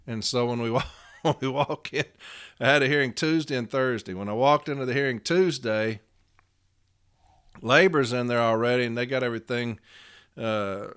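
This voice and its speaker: A man's voice: mid-range voice, a bit bright, smooth. A man hosting a podcast as a union advocate, telling work stories in a blunt, profane, casual way and chuckling often.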